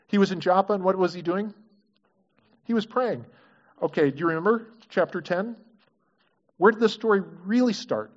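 In this dull, lo-fi recording, a male pastor delivers a sermon and poses questions to his congregation in an earnest, engaged manner. His voice sits high, and he speaks at a normal speed with long pauses.

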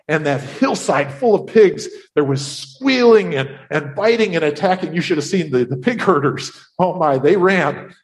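Man storyteller, in character, fairly high voice, animated, restarts often. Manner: animated, breathless telling with many restarts. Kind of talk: first-person Bible story told in character.

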